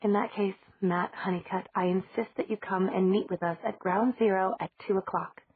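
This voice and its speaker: A woman reading a teasing, smug, warm-hearted young woman in an audiobook. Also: medium pitch, fairly even intonation, moderate pace, breathy edge, dry recording, natural voice. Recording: dry, tinny phone-like audio.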